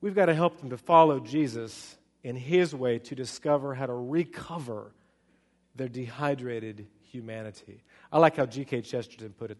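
A middle-aged man preaching a sermon as pastor, telling stories with animated swings from loud excitement to hushed, slow speech. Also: medium pitch, long reverb tail.

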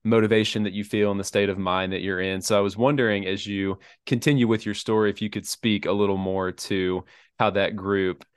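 Male host with a deep, even voice, measured and smooth. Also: dry recording, studio quality. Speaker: podcast host. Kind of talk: interview host.

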